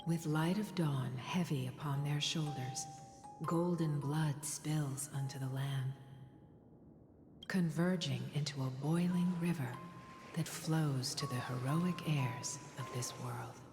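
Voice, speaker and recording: An actress voicing a gentle motherly woman reciting an old creation tale in a game, soft and whispery. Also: deep voice, takes it slowly. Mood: soothing. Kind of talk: game cutscene dialogue. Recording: roomy with long reverb, loud game music.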